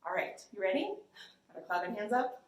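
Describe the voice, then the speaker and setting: A woman's voice: mid-range voice, big pitch swings, fairly quick, noisy background. A young woman librarian leading a children's storytime, bubbly and sing-song. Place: library room. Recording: echoey room.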